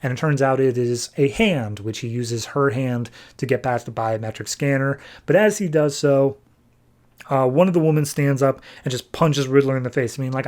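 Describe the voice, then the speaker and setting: A man's voice: mid-range voice, moderate pace, darkish tone. A man hosting a podcast, casually recapping a comic book issue with wry asides. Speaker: podcast host.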